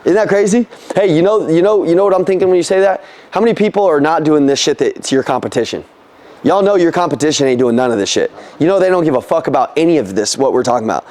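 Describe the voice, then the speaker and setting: A young man with a high, bright-sitting voice runs a motivational sales training session. He talks casually and with energy, swearing freely and firing questions at the people in the room. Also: expressive, fast talker.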